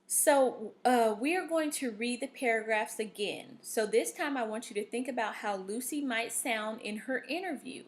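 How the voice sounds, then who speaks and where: A woman's voice: a little high, moderate pace, hardly any pauses, slight background noise. A woman teaching a reading lesson to young students, giving patient instructions full of fillers and "okay?" checks.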